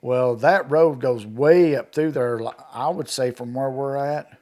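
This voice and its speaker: This eyewitness guest is a middle-aged man from Kentucky with a mellow, medium-pitched voice and a slightly slow delivery. During the interview he tells his story like a rural storyteller, voicing what each person said.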